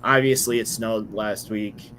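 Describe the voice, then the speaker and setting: A man's voice: lowish voice, steady tone, measured pace, a bit bright, a little hiss or hum, low-quality recording. A man joining a sports show as a guest, modest and a bit hesitant, and tired. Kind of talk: casual football chat.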